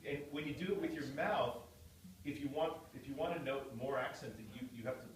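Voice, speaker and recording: A man's voice: medium pitch, fairly quick, a little hiss or hum. A man giving a patient one-on-one guitar lesson, explaining with repeated words. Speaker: guitar teacher. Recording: echoey room, distant mic, guitar playing.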